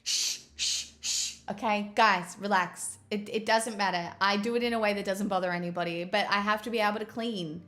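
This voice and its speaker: A woman's voice: mid-range voice, fairly even intonation, brisk, hardly any pauses, a bit bright. A woman livestreamer in casual chat, rambling and giggling as she talks straight to her viewers.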